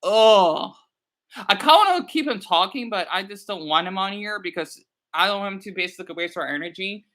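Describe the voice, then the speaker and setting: A man chatting casually on his live stream in a rambling, animated way, answering his chat and bluntly scolding trolls. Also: sits high, a little fast.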